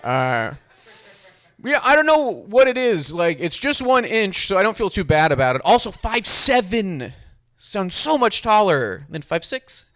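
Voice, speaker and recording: A man's voice: sits high, big pitch swings, a little slow, a bit bright. A young man doing a stand-up comedy set with a dry, self-deprecating delivery. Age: young adult.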